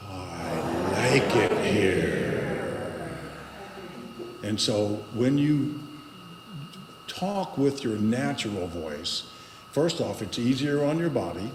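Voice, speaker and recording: A man leads a congregation through a voice exercise at an unhurried pace, leaving pauses between his instructions. His mid-range voice rings through a roomy hall with a long reverb tail, and steady background noise sits under it. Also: medium pitch. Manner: slow, guiding instructions with pauses. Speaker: guest speaker leading a voice exercise. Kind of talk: speaking to a congregation. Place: spiritual center meeting hall.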